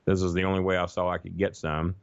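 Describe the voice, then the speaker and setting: A gravelly, fairly low-voiced middle-aged man, telling profane, rambling stories in casual chat. The sound is dry and dull, like a lo-fi recording. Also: little pitch movement, fast, no echo. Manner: profane, rambling anecdotes, acts out quoted voices. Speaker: podcast guest.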